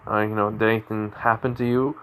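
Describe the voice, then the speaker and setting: A cool teenage ninja boy speaks in a flat, offhand way, voiced by a man telling a fan story. He sounds blunt and unbothered, close to the storyteller's own everyday voice. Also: lowish voice, fast talker, smooth, close to an everyday voice, poor audio.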